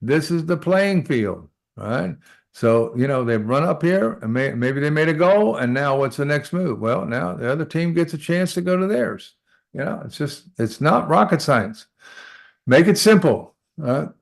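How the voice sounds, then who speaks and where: A man's voice: a little high, lively intonation, moderate pace, vocal fry. A man teaching a live trading lesson, talking through charts aloud and often checking in with "all right?". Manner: repeats short phrases while working. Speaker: trading instructor.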